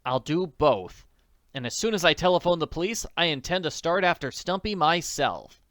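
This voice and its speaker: Man playing a teenage girl detective, audiobook, lifted pitch, urgent, resolute. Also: lively intonation, normal speed, a bit bright, no room sound, clean studio sound. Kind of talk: audiobook character voice.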